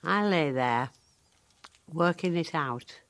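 A woman's voice: sits low, slow, exaggerated voice. A dry-witted Northern English woman of ninety-five. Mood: wry. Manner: dry, deadpan, wry storytelling. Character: sharp-tongued woman of ninety-five in a care home. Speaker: monologue character. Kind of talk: dramatic monologue.

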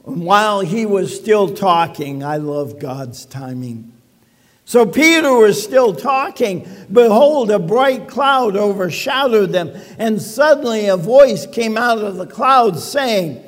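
A man with a high voice delivers a sermon at an unhurried pace, chatty and quick with wry asides. His words ring out with a long reverb, as in a church hall. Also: expressive. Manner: conversational preaching with quips and asides. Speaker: pastor.

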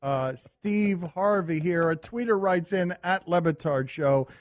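Excitable high-voiced male radio host. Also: measured pace. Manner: excitable, mocking, laughing often. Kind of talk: sports radio banter.

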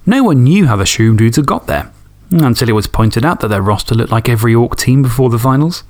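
A man's voice: medium pitch, expressive, brisk, a little mellow. A man hosting a podcast, reading fan stories and chatting enthusiastically, swearing casually. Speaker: podcast host.

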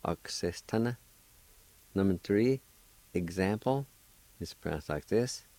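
A man with a very low voice teaches vocabulary on the radio. He takes his time, spelling and repeating each word with patient care. The sound is close and dry, as in a small studio. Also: animated, slow, dry recording, rough recording. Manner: gently encouraging to beginners. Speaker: radio host teaching a language. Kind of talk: radio language lesson.

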